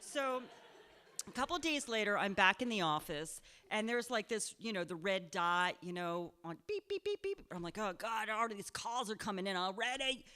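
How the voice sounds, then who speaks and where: A woman's voice: mid-range voice, normal speed, sharp tone, smooth. Chatty woman telling a live story. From Pennsylvania. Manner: chatty, self-deprecating, laughing often, full of "like" and "um". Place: live show in a cultural center.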